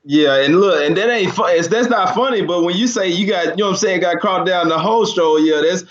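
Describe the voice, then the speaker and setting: Laid-back man with a slightly high voice. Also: brisk. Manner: laid-back, slangy, laughs easily. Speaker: sports betting show co-host. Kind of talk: casual sports talk. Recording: dull lo-fi audio.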